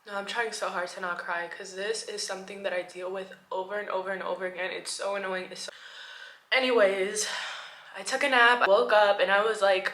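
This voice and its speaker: A woman in her twenties talking candidly in a casual vlog diary, swinging between soft murmurs and excited bursts. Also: medium pitch, fairly quick. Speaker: vlogger. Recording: echoey room.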